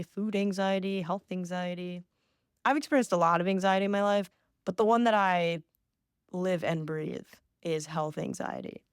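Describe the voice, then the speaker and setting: The clean, dry studio track carries a fairly low, clear and resonant female voice. She's a twenty-something podcast host telling her own story solo, in a chatty, self-mocking style full of "like."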